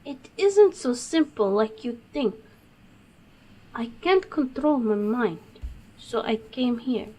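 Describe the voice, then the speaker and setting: Woman doing a troubled young patient in a game, talks real slow, kinda high voice. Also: expressive, mellow, poor audio. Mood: tense. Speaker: game character. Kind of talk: game dialogue.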